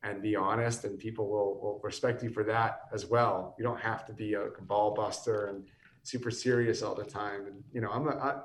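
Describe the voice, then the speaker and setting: A man's voice: fairly low pitch, little pitch movement, moderate pace, echoey room, distant mic. Tired, chatty man in his thirties. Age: 30s. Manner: chatty, rambling with many restarts and fillers. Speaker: whiskey company guest. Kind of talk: casual podcast conversation.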